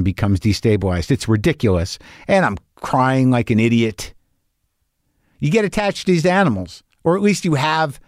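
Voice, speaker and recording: A man's voice: medium pitch, darkish tone, no room sound, clean studio sound. A middle-aged man hosting a podcast, talking in a profane, anxious, rambling casual monologue. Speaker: podcast host.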